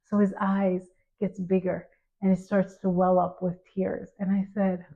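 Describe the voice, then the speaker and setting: A woman hosting a casual conversation, an animated storyteller who laughs often. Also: mid-range voice, measured pace, lo-fi sound. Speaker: host, mother.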